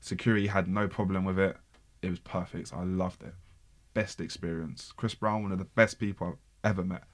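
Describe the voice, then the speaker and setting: A man, a podcast guest telling a story in lively slang and repeating words for emphasis. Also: low voice, fairly quick. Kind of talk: casual storytelling.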